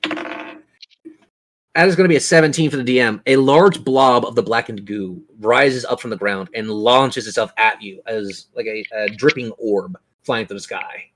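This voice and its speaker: A man's voice: medium pitch, measured pace, a bit bright, a little hiss or hum. A man acting as game master, narrating a tabletop game with patient, descriptive turns.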